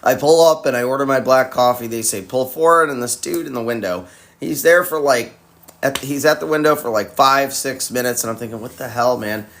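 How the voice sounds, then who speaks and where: A man's voice: medium pitch, brisk, a bit bright. A man hosting a live stream, answering viewer questions in a candid, conversational way and telling personal stories. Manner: candid and conversational, swears casually. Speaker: host. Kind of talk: live-stream advice talk.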